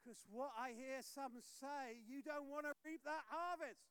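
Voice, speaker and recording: A male pastor preaching a sermon, telling stories with lively swings from loud urging to hushed lines. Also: extremely high pitch, a little slow, dry recording. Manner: animated storytelling, swinging from loud exhortation to hushed.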